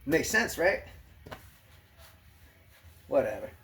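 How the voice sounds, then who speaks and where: A man's voice: on the high side, sing-song, takes it slowly, creaky, fairly bright tone, a little hiss or hum. A man talking casually to the camera in a blunt, profane rant, laughing now and then. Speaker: vlogger. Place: gym locker room.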